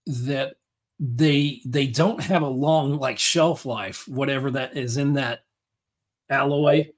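In a casual podcast conversation, the male host rambles with enthusiasm, often using fillers and starting over. He speaks slowly in a mid-range voice.

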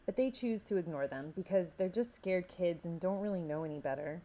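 A woman librarian reads a story aloud with steady expression. Her voice is low and mellow. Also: a little fast, low-quality recording. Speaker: youth services librarian.

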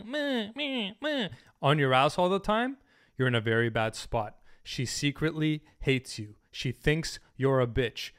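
A man's voice: medium pitch, smooth. A man giving dating advice straight to camera, blunt and emphatic, swearing freely. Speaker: dating coach. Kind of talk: direct-to-camera advice monologue.

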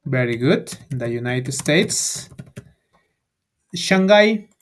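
A man leads a beginner English class in a call-and-repeat drill. His voice sits a little high, and he speaks slowly, stressing each word so students can echo it back. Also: animated, darkish tone, a little hiss or hum. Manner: enunciates each word for learners to repeat, rising on prompts. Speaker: English teacher.

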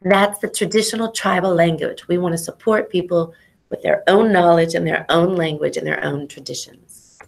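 A middle-aged woman, an ethnobotanist, telling lively stories to students in an animated educational talk over a video call. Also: lowish voice, moderate pace, gravelly. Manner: animated storyteller, exclamations and acted-out quotes; casual, says y'all.

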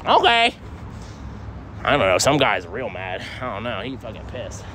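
A man's voice: on the low side, huge pitch swings, normal speed, a crowd in the background. A young man live-streaming from city streets on his phone as he walks, rambling in heavy slang and swearing a lot. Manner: rambling slangy talk, heavy swearing, frequent "I don't know, homie". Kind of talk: casual live-stream vlog. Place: outdoors on city streets and a train station. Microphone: phone held while walking. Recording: faint street noise from outside.

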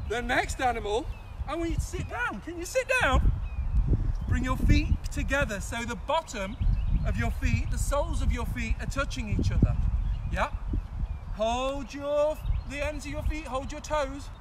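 A man coaching young children through a playful movement game, animated and full of sound effects. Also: extremely high pitch, measured pace, noisy background. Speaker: kids' soccer coach.

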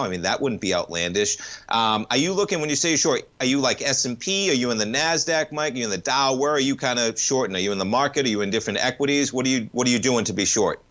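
A man hosting a live call-in market show, talking to a caller in an energetic, chummy way. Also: mid-range voice. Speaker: radio market show host.

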